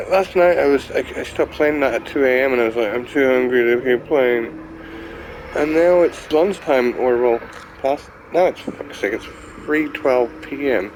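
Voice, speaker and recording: A man's voice: mid-range voice, slight background noise, low-quality recording. A young man giving casual, rambling commentary while playing a video game, swearing now and then. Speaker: gamer. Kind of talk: casual let's-play commentary. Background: game music.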